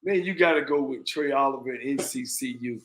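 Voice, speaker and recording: A man co-hosting a casual football picks chat, animated and repeating words as he talks. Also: medium pitch, fairly quick, a little hiss or hum.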